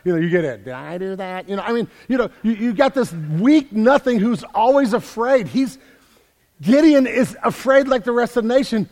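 A man preaching a sermon as a pastor in a church, energetic and repeating words as he builds emphasis. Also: extremely high pitch, normal speed, long reverb tail.

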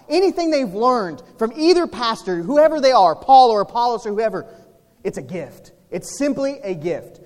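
A pastor with a high voice delivers a sermon in an echoing hall. His preaching is conversational, sprinkled with rhetorical questions and humor.

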